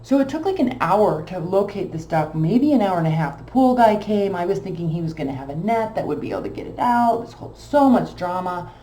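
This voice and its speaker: A tarot reader with a fairly low voice tells a long personal story briskly, hardly pausing. Her telling is casual, animated, emotional and rambling, recorded in an echoey room with a faint hum behind her.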